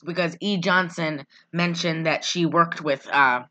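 Casual podcast co-host, woman, bright and forceful tone, slightly low voice, laughs a lot while retelling a movie. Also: steady tone, a little slow. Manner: giggly, rambling, acts out quotes. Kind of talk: casual chat recapping a movie.

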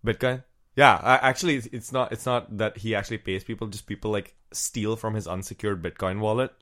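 A man's voice: on the low side, fairly even intonation, fairly quick, fairly bright tone. A man from Minnesota co-hosting a podcast in casual chat, rambling and joking. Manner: rambling, jokey, does silly voices. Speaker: podcast co-host.

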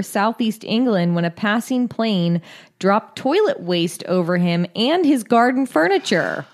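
A woman's voice: fairly low pitch, darkish tone. A woman co-hosting a casual podcast, reading news stories aloud in a blunt, swearing, laugh-filled way. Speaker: podcast co-host.

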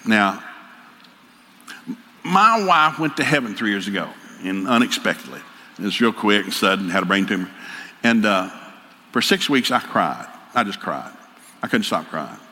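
A man's voice: lowish voice, expressive, moderate pace, pauses often, pushed and bright. An older man giving a folksy, joking sermon as a preacher, telling stories with country humor. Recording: hall reverb, faint ambience.

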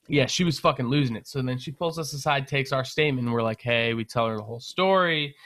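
A young man casually telling a long story on a podcast, animated, swearing and laughing as he goes. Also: medium pitch, quick pace, hardly any pauses, dry recording. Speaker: podcast co-host.

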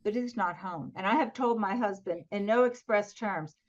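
A woman's voice: medium pitch, normal speed, highs cut off. A middle-aged woman from Pennsylvania, chatting with humor and frequent laughs as an interview guest over a video call. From southwestern Pennsylvania, US. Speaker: author and guest. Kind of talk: casual interview chat.

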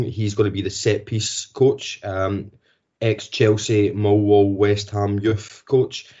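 Deep and dark-toned, a man hosts a casual football podcast, chatting away with frequent ums and restarts. The recording has a dull, lo-fi podcast sound.

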